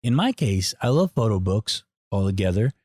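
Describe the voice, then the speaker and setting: A middle-aged man hosting a podcast, giving a blunt, profane, animated monologue. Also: fairly low pitch, normal speed, dry recording, studio quality. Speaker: podcast host. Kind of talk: casual opinionated monologue.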